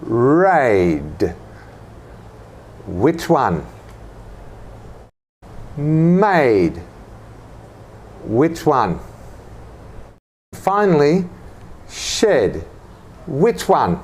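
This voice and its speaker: A man teaching English phonics, who models words clearly and has listeners repeat them and pick out the sound they hear. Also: a little high, sing-song, drawn-out words, long pauses, darkish tone. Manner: drills words for repetition, quizzes the listener. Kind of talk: slow, clearly enunciated teaching.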